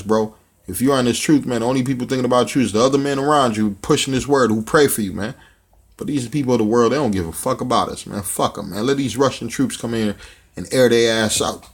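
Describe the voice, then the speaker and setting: A man's voice: medium pitch, slightly rough. A man preaching bluntly with profanity, reading scripture aloud and commenting on it, often tacking "man" onto his phrases. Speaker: religious teacher.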